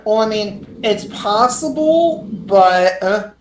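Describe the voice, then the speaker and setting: A woman's voice: mid-range voice, expressive, slow pace, reverberant, slight background noise, poor audio. A woman player at a tabletop role-playing game, musing aloud and trailing off. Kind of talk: casual tabletop game chat.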